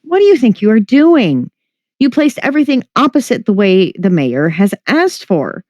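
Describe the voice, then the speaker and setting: A reader voicing a quick-tempered woman maid who scolds sharply, in a story reading. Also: mid-range voice, very animated, a little mellow, no echo, lo-fi sound, pitched above the performer's own voice, close to an everyday voice. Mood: scolding.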